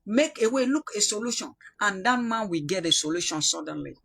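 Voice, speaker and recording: A young Cameroonian man from the Northwest preaching a prophetic sermon, swinging from loud rebuke to quiet prayer. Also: high voice, animated, brisk, creaky, breathy edge. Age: young adult.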